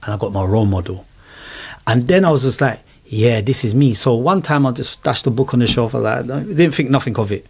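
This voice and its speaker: A man's voice: medium pitch, fast, vocal fry, slightly rough. A middle-aged man, animatedly telling his personal story as an interview guest in casual chat. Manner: animated storyteller, London slang.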